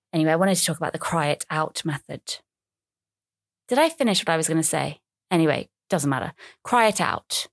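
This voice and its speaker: A woman talks casually and at length on her own solo podcast, rambling and making self-mocking asides. Her voice is lowish, and the studio sound is clean, with no echo.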